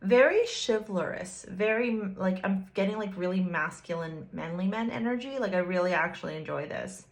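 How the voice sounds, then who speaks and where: This tarot reader talks straight to the viewer in a gravelly, mid-range voice at normal speed with few pauses. Her casual reading is chatty and playful, full of teasing and frequent giggles.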